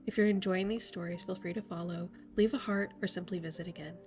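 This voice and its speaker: A woman narrating a bedtime story in a soft, soothing way. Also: on the low side, steady tone, fast talker, faint music behind.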